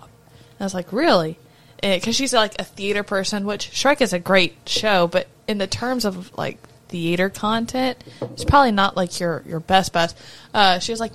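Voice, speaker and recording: A woman co-hosting a casual podcast, chatty and quick to laugh. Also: mid-range voice, a bit bright. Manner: chatty, laughs often, lots of fillers. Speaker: podcast co-host. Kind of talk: casual chat.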